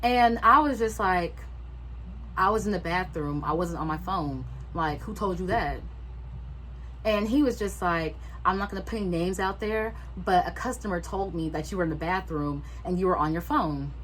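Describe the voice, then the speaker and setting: A young woman vlogger telling a storytime, swearing freely and acting out everyone's lines in lively voices. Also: lowish voice, normal speed, slight background noise, low-quality recording. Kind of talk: storytime vlog.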